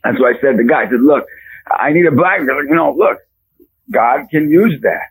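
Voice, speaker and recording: A man with a gravelly, husky voice tells a fervent faith story as a radio guest, now and then shouting for emphasis. His voice sits a touch high for a man, and the sound is close and dry. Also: expressive, a little fast, dry recording, rough recording. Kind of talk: animated faith testimony.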